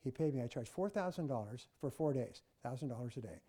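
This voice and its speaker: An older man telling motivational stories, emphatic and animated, mimicking office chatter. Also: medium pitch, quick pace, breathy edge. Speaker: speaker. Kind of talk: motivational storytelling.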